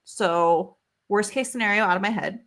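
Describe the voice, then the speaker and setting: A woman in her thirties, a podcast co-host, tells a story in easy, chatty talk. She is animated and rambling, drops filler words and swears without a second thought. Her pitch sits in an ordinary middle range. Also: moderate pace. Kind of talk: casual storytelling chat.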